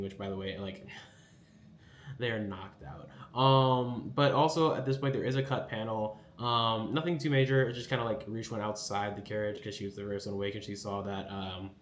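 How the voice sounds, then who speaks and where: A man's voice: lowish voice, a little hiss or hum. A man giving a casual, rambling recap of an anime episode, enthusiastic and full of filler words. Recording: echoey room with faint ambience.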